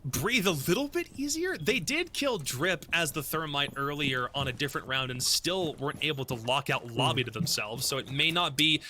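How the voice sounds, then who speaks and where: A man calling esports play-by-play, excitable and swelling toward shouts in the action. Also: fairly high pitch, normal speed, hardly any pauses. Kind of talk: play-by-play commentary. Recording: noisy broadcast with game sounds.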